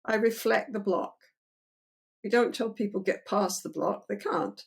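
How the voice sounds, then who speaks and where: Older woman therapist, animated storyteller. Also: medium pitch, measured pace, gravelly, husky. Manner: animated, acts out client and therapist dialogue. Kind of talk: explaining therapy in an interview.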